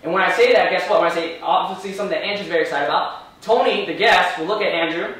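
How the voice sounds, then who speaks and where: A man leading a live sales training, energetic and firing rhetorical questions at the room. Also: sits high, quick pace. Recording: very echoey room from far off.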